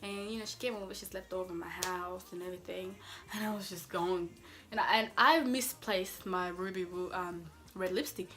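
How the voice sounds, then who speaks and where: A woman's voice: lowish voice, fairly even intonation, moderate pace. Sassy young woman telling a story. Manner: sassy, emphatic, full of "like" and "mm-mm". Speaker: vlogger. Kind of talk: casual storytime.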